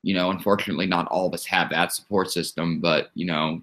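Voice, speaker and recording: A man's voice: low voice, steady tone, fairly bright tone. A man on a livestream speaking earnestly, with many fillers, tearing up as he talks. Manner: halting, many "you know" fillers. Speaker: streamer's roommate, psychology student.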